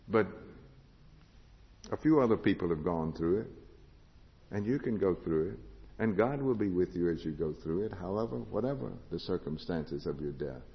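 A man preaching a sermon, asking the congregation questions and moving between loud proclamation and hushed, quiet passages. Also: deep voice. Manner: rises to loud proclamation, drops to hushed tones. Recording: lo-fi recording with long hall reverb.

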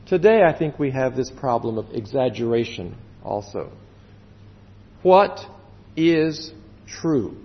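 A man preaching a sermon as pastor, earnest, stretching words for emphasis and dropping suddenly to a hush. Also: mid-range voice, expressive, creaky. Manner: earnest, with slow drawn-out emphasis and sudden drops to quiet. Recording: dull echoey hall sound.

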